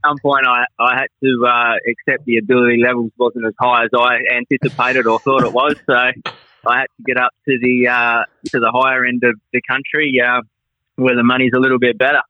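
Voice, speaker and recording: A man's voice: medium pitch, flat delivery, fairly quick, dull audio. An Australian man in his forties, a laid-back self-deprecating podcast guest. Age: 40s.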